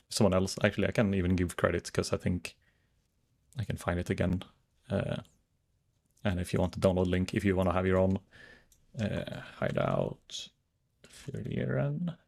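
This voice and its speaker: A man's voice: low voice, level tone, a little fast, a little mellow. A man chatting casually to his viewers while streaming a game, rambling as he browses and reads chat.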